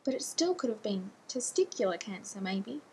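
A woman's voice: mid-range voice, big pitch swings, a little mellow, a little hiss or hum, poor audio. A woman reading a story aloud, voicing an anxious, fussy man who rambles and snaps when nervous. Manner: nervous, quick to snap.

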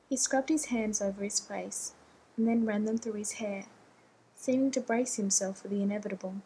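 A woman reading a romance novel aloud in a steady, measured narration. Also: medium pitch, slight background noise, poor audio. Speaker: audiobook narrator.

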